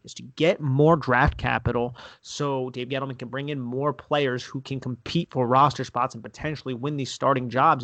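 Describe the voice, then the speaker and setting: A man co-hosting a sports podcast, chatting about football in a relaxed, conversational way, calling his partner man and bro. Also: mid-range voice, no echo. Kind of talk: casual sports chat.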